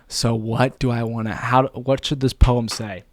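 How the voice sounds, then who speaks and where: A man's voice: medium pitch, steady tone, unhurried, no room sound, clean studio sound. A young man vlogging casually, thinking aloud in a rambling, playful way. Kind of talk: casual talking to camera.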